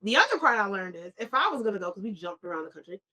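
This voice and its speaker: Podcast co-host, young woman, bright voice, animated storyteller. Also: mid-range voice, racing. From New York. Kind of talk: casual chat over wine.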